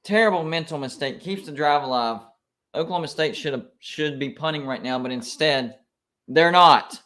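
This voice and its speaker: A man streaming live reactions to college football games, excitable and quick to complain like an emotional fan. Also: a little high.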